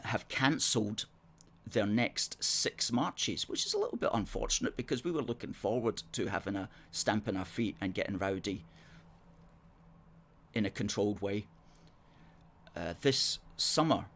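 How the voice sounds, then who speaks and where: A man hosts a live political talk show, his voice low and steady as he argues his case with earnest conviction. He picks up viewer comments and answers them into a desk microphone. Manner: earnest, argumentative, reads viewer comments aloud. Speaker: host. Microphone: table microphone.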